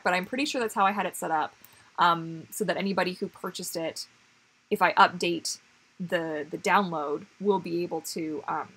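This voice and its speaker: Woman streamer, casual chat to viewers, husky and breathy, chatty with frequent restarts. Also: fairly low pitch, a bit bright. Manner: chatty, rambling, many fillers and restarts, laughs often. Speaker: livestream host. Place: home.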